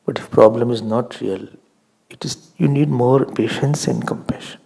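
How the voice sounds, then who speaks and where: An older man with an Indian accent giving a slow spiritual discourse as a swami, telling stories, asking questions and laughing often. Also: medium pitch, vocal fry, mellow, husky.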